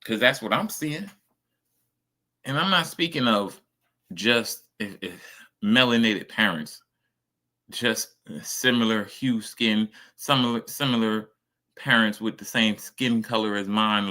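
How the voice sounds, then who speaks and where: Man streamer, profane emphatic rant, lowish voice, bright forceful tone. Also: a little slow. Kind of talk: casual reaction commentary.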